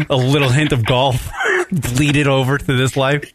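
A man's voice: medium pitch, fairly even intonation, a little slow, background noise. A man hosting a podcast, telling a long rambling story in casual chat, swearing freely. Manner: profane, rambling, laughs mid-story. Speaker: podcast host.

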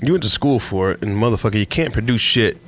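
A man's voice: lowish voice, lively intonation, fast, a bit bright, a little hiss or hum. A male radio co-host teasing his partner with profane banter, stretching out words for emphasis.

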